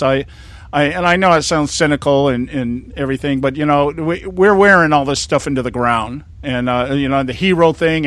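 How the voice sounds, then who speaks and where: A man in his sixties from California hosts a talk show, delivering a rambling, indignant monologue with many restarts. His voice sits at medium pitch, and the recording is dry.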